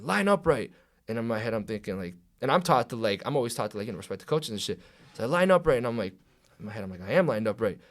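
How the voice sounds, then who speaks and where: A young man, a guest on a podcast, telling a story in casual, profane chat and acting out what others said. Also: fairly low pitch. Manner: profane, animated, acts out quoted dialogue. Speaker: podcast guest, pro wrestler.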